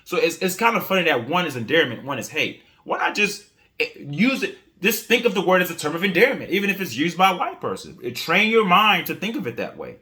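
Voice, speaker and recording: A man's voice: high voice, big pitch swings, fairly quick, sharp tone. A man hosting a commentary channel, giving his opinion in a casual, outspoken way and answering chat comments.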